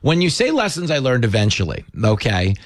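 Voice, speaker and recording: A man's voice: medium pitch, wildly swooping pitch, brisk, no room sound. A man hosting a studio show, with jokey, self-mocking banter. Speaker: show host. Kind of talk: casual joking interview. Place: radio studio.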